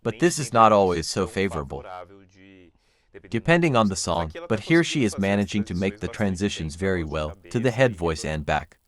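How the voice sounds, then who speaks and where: A man, a classical bass singer, calmly explaining vocal technique step by step while reacting to a live performance. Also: moderate pace. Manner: calm, explanatory, walks through vocal anatomy step by step. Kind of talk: reaction commentary analysing singing technique.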